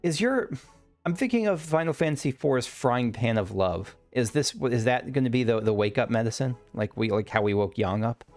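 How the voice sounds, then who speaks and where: A man's voice: medium pitch, expressive, fairly quick, hardly any pauses, a little mellow, soft background music. A man casually commentating while playing a game, chatty and amused, thinking aloud. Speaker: let's play host.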